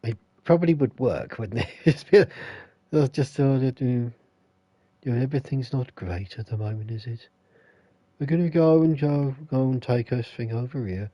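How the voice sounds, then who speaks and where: A man's voice: mid-range voice, expressive, moderate pace, warm tone, dry recording. A man giving casual, rambling commentary as a game streamer at home. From England. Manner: rambling, chatty asides.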